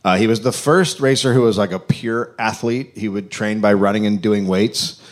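A man hosting a live comedy podcast, reading a history story from notes with many pauses and fillers. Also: on the low side. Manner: reads notes with frequent uh and um. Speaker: podcast host. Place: live stage show.

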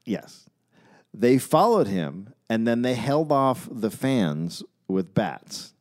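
A man co-hosting a comedy history podcast, narrating a story in a deadpan way with jokey asides. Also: mid-range voice, slow.

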